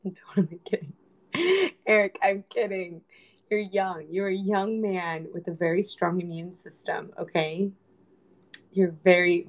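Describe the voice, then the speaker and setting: A woman's voice: fairly low pitch, steady tone, measured pace. Young woman livestreaming, chatty and jokey, teases her viewers, mixes in spanish slang. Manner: joking, teasing, chatty, slips into Spanish slang. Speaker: livestream host. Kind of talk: casual livestream chat.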